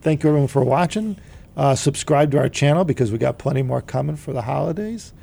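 A relaxed man hosts a casual chat and laughs easily. His voice is dark and mellow with a lot of gravelly fry. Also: medium pitch, fast talker. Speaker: host.

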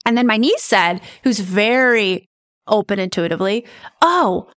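A middle-aged woman who hosts a podcast as a medium, telling personal stories in a chatty, animated way. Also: medium pitch, normal speed. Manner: chatty, animated, says right and you guys. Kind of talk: casual storytelling.

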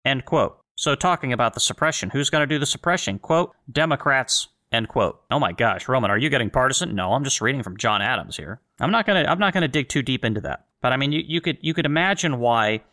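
Bright-voiced man reading and commenting. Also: mid-range voice, lively intonation, a little fast, hardly any pauses. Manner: sarcastic, rhetorical questions. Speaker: podcast host. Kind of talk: solo commentary with read quotations.

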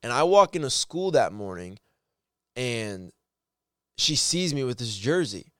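A man with an average-pitched voice recorded close and dry, with no room sound. He tells a story in a loose, earnest way, often restarting and correcting his sentences. His tone leans encouraging as he speaks to his audience. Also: very animated, a little slow, dry recording. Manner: rambling, with frequent restarts and self-corrections. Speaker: storyteller addressing viewers. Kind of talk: casual heartfelt storytelling.

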